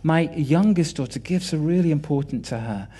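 A man's voice: fairly high pitch, lively intonation, normal speed, dark tone, slightly rough. A British man in his forties giving a sermon, telling personal family stories and acting out quoted dialogue with animation.

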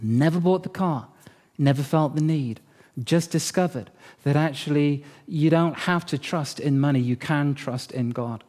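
A middle-aged man preaching a sermon as pastor, telling a story in a lively, humorous way. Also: a little high, unhurried.

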